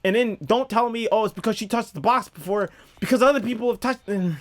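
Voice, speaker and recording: A man's voice: high voice, fast. A man giving casual movie reaction commentary, incredulous and rambling with exasperated asides. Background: movie audio playing.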